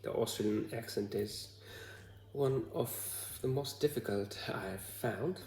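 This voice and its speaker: A man from Bhutan with a Bhutanese accent, talking to the camera in a hesitant, halting way full of fillers. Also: mid-range voice, darkish tone, roomy sound. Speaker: vlogger. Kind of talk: casual talk to camera.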